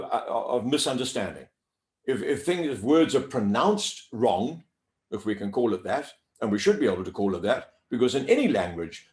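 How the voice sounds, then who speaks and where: A man from Africa, a voice coach giving measured, emphatic interview answers to a camera. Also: medium pitch, darkish tone. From South Africa. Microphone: speaking to camera. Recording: roomy echo.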